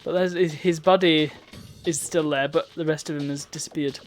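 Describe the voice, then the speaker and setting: A man's voice: a little high, steady tone, moderate pace, faint music behind. A man giving chatty, wry commentary while streaming a video game. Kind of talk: casual gameplay commentary.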